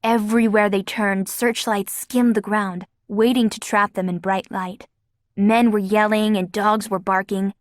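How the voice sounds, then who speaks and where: A woman's voice: mid-range voice, flat delivery, unhurried, no echo, studio quality. A woman narrating an audiobook with a vivid, dramatic reading. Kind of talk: scripted narration.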